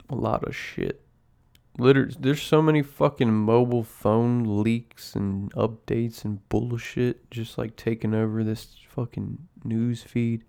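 A man's voice: medium pitch, fairly even intonation, a little slow, creaky, dark tone, smooth. A man hosting a casual podcast chat, rambling in a laid-back way and swearing constantly over his coffee. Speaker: podcast host. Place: at home drinking coffee.

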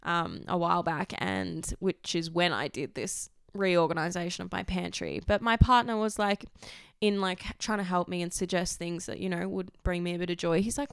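A woman's voice: on the low side, normal speed, creaky, clear, resonant tone, dry recording, studio quality. A young Australian woman talking casually and candidly about her life, rambling a little, swearing freely and laughing often. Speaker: vlogger. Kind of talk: casual personal chat.

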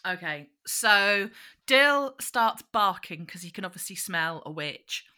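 A woman's voice: mid-range voice, animated, slow pace, bright, forceful tone, smooth. A woman, co-hosting a podcast and chatting casually as she retells a children's show, breaking into quoted voices. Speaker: podcast co-host.

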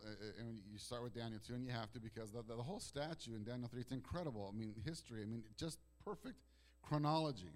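A male pastor preaches in a chatty, storytelling way. His voice sinks to hushed, tender lines and then climbs to loud, fervent bursts. He often restarts his sentences as he talks to the congregation. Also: mid-range voice. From Italian heritage. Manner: swings from soft hushed lines to loud emphatic outbursts, with restarts. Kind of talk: sermon.

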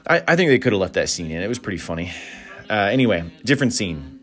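A man's voice: on the low side, sing-song, fast, fairly bright tone, faint music behind. A man hosting a casual solo podcast, rambling through film recaps with frequent fillers and chuckles. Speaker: podcast host reviewing films.

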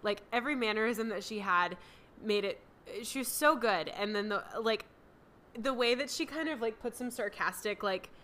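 A woman in a casual chat, eagerly describing scenes from a film and laughing as she goes. Her voice is bright and forward. She speaks at a middle pitch. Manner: enthusiastic, laughs often while describing scenes. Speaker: podcast co-host reviewing a movie.

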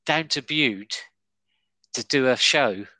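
A man talks in an animated, story-telling way, stumbling over fillers and restarts. His voice is bright and forward, and the sound is close and dry. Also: mid-range voice, slow pace, no room sound, poor audio. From Devon and Cornwall, England. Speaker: stand-up comedian. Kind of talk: casual conversation.

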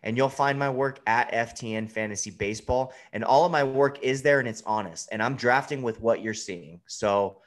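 A man's voice: mid-range voice, normal speed, hardly any pauses. A man in his thirties on a podcast, talking bluntly and swearing freely in casual chat. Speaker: podcast guest, fantasy baseball analyst.

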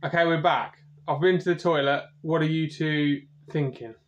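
A man's voice: on the high side, steady tone, normal speed, a little hiss or hum. British man running a tabletop game. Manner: chatty, explains rules with asides. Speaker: game master. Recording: echoey, slightly muffled.

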